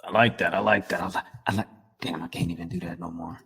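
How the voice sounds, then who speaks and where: A man's voice: low voice, steady tone, fast talker, creaky, fairly bright tone, breathy edge. A man co-hosting a podcast in casual chat, laid-back and joking with slang. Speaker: podcast co-host.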